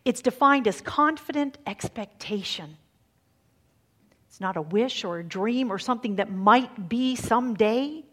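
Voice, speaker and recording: A woman giving a sermon, dramatic and swinging from hushed near-whispers to emphatic lines. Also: a little high, animated, unhurried. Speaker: speaker giving a faith talk.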